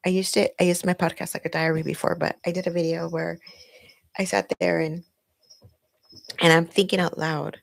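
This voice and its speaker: Gravelly, flat-voiced woman telling her story. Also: on the low side, moderate pace, long pauses, no room sound. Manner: candid, emotional storytelling. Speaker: podcast host. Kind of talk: personal confessional monologue. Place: at home. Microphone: recording herself on video.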